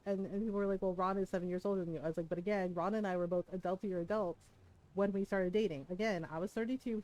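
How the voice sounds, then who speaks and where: A woman's voice: mid-range voice, mellow. A woman in her forties, streaming a game, telling family stories in a candid, laughing way and swearing freely. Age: 40s. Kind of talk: casual storytelling chat.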